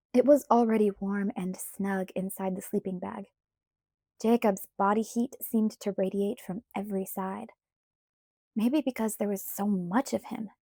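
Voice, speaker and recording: Woman narrator for a novel read-aloud, unhurried and mellow. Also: mid-range voice, no room sound, clean studio sound. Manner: unhurried, even storytelling. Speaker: audiobook narrator.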